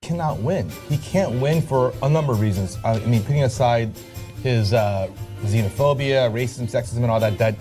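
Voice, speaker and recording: A man's voice: mid-range voice, normal speed, music in the background. A man hosting a political commentary show, stating opinions confidently in a clip played on air. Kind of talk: news commentary.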